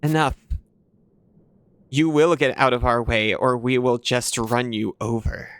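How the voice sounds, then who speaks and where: A man's voice: medium pitch, steady tone, a little slow, fairly bright tone, clean tone, no echo, close to an everyday voice. A man voicing a blunt, defiant adventuring companion who talks in a brash and scornful way, reading game dialogue aloud.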